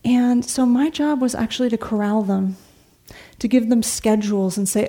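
A middle-aged woman, a meditation teacher, giving a dharma talk in a meditation hall, telling stories conversationally and sometimes dropping to a soft whisper. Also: fairly high pitch, steady tone, normal speed. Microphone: talk recording before a seated audience.

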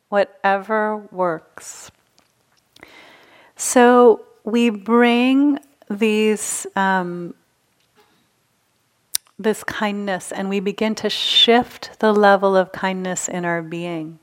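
A woman giving a gentle, engaging dharma talk to a live retreat audience as a meditation teacher. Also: mid-range voice, drawn-out words. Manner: gentle, engaging, asks the audience to raise hands.

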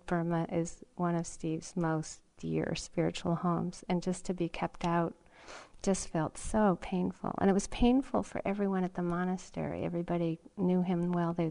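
A woman meditation teacher giving a gentle, reflective dharma talk at a retreat center, sometimes laughing softly or dropping to a whisper. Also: lowish voice, gravelly.

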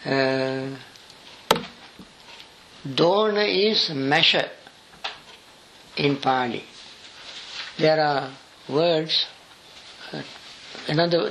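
An older monk explains scripture at a very slow, halting pace, pausing often and spelling words out letter by letter. His voice is bright and fairly high for a man. A faint hiss sits under the recording. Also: low-quality recording. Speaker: monk teacher. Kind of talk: scripture study lesson.

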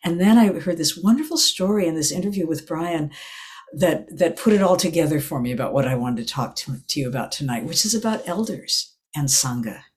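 An older woman who teaches meditation gives an evening dharma talk, telling a story in a gentle, reflective way and correcting herself as she goes. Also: sits low, animated, a little fast. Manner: meandering storytelling, restarts and self-corrections.

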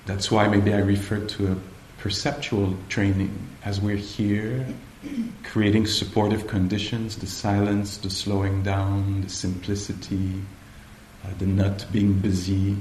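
Slow, searching male meditation teacher. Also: on the low side, darkish tone, a little hiss or hum. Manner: slow, hesitant, searching for words. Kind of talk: retreat dharma talk. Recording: echoey room, faint ambience.

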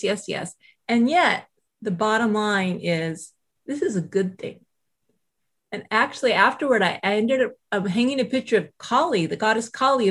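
A middle-aged woman, a guest author, telling a personal story in animated, self-deprecating conversation, acting out quotes. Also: mid-range voice, slightly rough.

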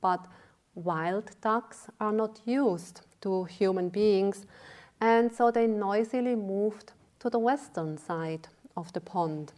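A woman meditation teacher giving a dharma talk, telling a teaching story in a deliberate way. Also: mid-range voice, a little mellow.

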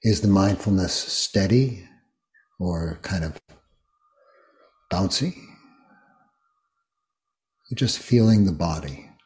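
An older man guiding a meditation talk, speaking slowly and gently with many long pauses. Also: low-pitched. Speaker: meditation teacher. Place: retreat hall.

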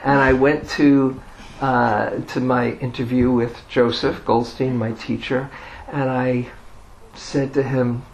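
A man giving a dharma talk as a meditation teacher, telling a personal story in an unhurried way with self-deprecating humor. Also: mid-range voice, flat delivery, slight background noise, rough recording.

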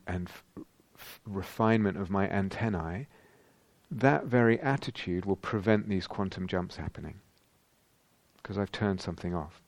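Soft-spoken British man with gravelly lows. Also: no room sound. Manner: gentle, reflective, many pauses and restarts. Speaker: meditation teacher. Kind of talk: dharma talk. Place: retreat meditation hall.

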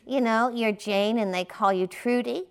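A woman's voice: on the high side, moderate pace, smooth. An older woman giving a dharma talk as a meditation teacher, conversational and playful with frequent fillers.

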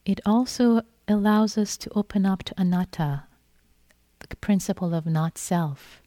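A woman meditation teacher giving a gentle, repetitive dharma talk in which she acts out inner thoughts. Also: mid-range voice, a little slow, no room sound. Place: meditation hall.

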